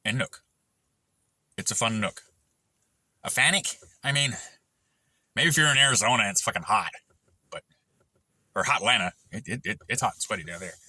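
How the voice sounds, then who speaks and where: A man's voice: lowish voice, normal speed, pauses often, bright, forceful tone, dry recording. A middle-aged man and machinist vlogger rambling in a crude, profane monologue, swearing constantly and jumping from one tangent to the next.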